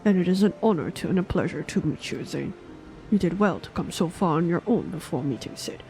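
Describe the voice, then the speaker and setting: A woman's voice: on the low side, lively intonation, a little fast, dark tone, low-quality recording. A woman voicing a solemn, regretful old male knight who mentors two young fighters.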